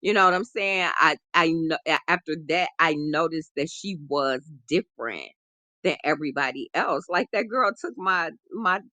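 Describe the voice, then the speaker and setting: A woman guest, a relationship coach, telling a personal story in an animated conversational way, full of "you know". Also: deep voice, moderate pace, dry recording. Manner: animated, acts out quoted voices, frequent "you know".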